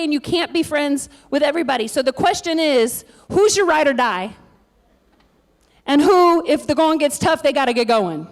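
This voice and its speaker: Woman pastor, high-voiced, casual and lively delivery with quips. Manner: lively, conversational, joking asides. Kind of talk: sermon.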